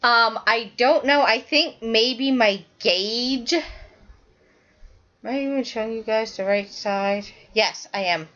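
A woman's voice: on the high side, fairly bright tone, dull audio. A woman hosting a knitting podcast, chatting casually and rambling as she shows her work to the camera, often correcting herself mid-sentence.

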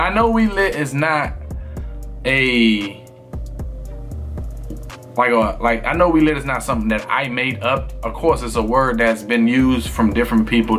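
A man's voice: medium pitch, a bit bright. A man streamer in casual chat with his viewers, talking in a loose, rambling way full of fillers.

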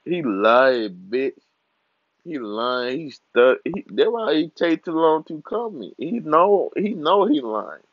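Young man in his 20s, slow drawl, trash-talking rant, dull lo-fi dry sound. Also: fairly high pitch, very animated, no echo. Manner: trash-talking, laughing, swearing freely. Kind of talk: casual profane rant. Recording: dull lo-fi recording.

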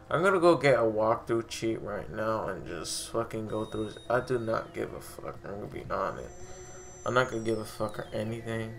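A man's voice: fairly low pitch, vocal fry, fairly bright tone. A man commentating his own game playthrough, easily frustrated and cursing constantly, over faint game music. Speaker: gaming channel host. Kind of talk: let's play commentary.

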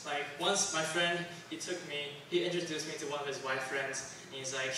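A man's voice: a little high, little pitch movement, normal speed, few pauses, bright, forceful tone, slight background noise. A young man from Taiwan doing a stand-up comedy set, rambling and self-deprecating with lots of fillers, on a club stage. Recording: very echoey room, distant mic.

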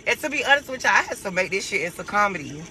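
A man giving a casual, profane tarot reading to his viewers, animated and quick to laugh. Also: sits high, slight background noise, low-quality recording. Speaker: tarot reader.

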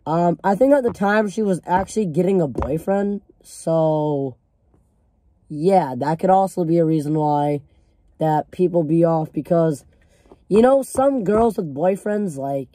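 A man's voice: on the high side, expressive, unhurried, mellow, dry recording. A teenage boy telling a story in a casual vlog, rambling with lots of fillers and free swearing.

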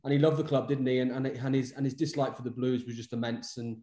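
A man's voice: medium pitch, little pitch movement, fast, mellow. Hesitant man in a roomy echo. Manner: hesitant, repeats words, often starts with "I think". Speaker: podcast host. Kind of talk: casual chat.

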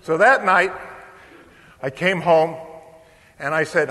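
A man's voice: a little high, normal speed, long pauses. Older man telling stories in a reverberant hall. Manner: lively anecdotal telling with frequent fillers. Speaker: keynote speaker. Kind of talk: storytelling keynote speech. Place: large conference hall.

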